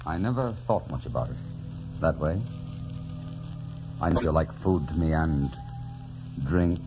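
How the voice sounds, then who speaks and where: Heathcliff, brooding and passionate. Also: male voice, expressive, measured pace, music in the background. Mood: tender. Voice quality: deep and intense, shifting between murmur and outburst. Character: brooding young man Heathcliff, fierce and passionate. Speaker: lead actor. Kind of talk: 1940s radio acting. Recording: dull lo-fi 1940s radio recording.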